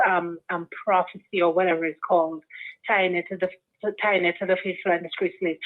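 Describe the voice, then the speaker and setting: A woman from Canada calling in to a talk show, speaking haltingly as she searches for words. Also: medium pitch. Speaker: caller. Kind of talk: phone-in conversation. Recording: tinny phone line.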